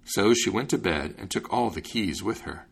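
Man reading a fairy tale, lively, expressive, gravelly, husky, lots of rise and fall. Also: on the low side, normal speed. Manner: lively, expressive storytelling with acted voices. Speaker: storyteller.

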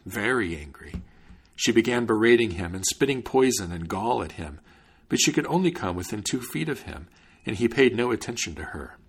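A man reading a fairy tale aloud as a storyteller, in a measured, expressive manner. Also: on the low side, slightly rough. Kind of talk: storybook narration.

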